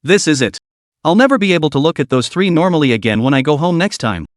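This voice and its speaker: A sharp-tongued young woman from a storybook, fed up with her friends, read by a man. The voice sits slightly high and sounds dry and close. The lines come out evenly. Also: sing-song, quick pace, no echo. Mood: exasperated. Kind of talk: storybook reading.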